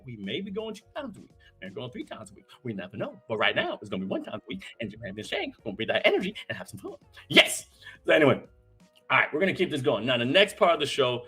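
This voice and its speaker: A man hosting a live-streamed talk show, hyped and slangy, full of shout-outs, with faint music behind him. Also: mid-range voice, husky. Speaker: host.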